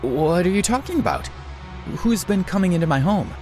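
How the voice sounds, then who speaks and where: A man voicing a young single mother, his voice raised a little higher. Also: animated, normal speed, darkish tone, faint music behind, close to an everyday voice. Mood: flustered.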